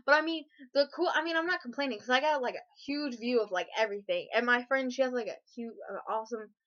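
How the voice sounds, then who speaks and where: A teenage girl vlogging, telling an excited personal story full of fillers, gushing and breathless, with sudden shrieks. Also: on the high side, fast. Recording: dull lo-fi webcam audio.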